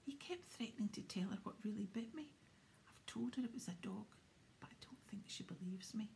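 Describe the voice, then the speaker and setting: A woman voicing an anxious young schoolboy in a storybook reading, hushed and worried. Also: medium pitch, animated, fairly quick, vocal fry, whispered.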